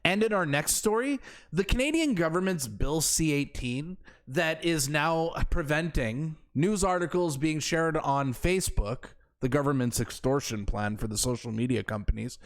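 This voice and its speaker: High, animated sarcastic male commentator. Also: moderate pace. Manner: sarcastic, incredulous. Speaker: political commentary host. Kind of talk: opinionated commentary.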